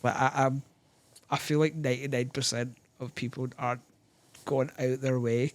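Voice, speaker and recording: A man's voice: mid-range voice, little pitch movement, moderate pace. Thoughtful Scottish man, hesitant. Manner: thoughtful, hesitant, many fillers. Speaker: podcast guest. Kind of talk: casual chat. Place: podcast studio.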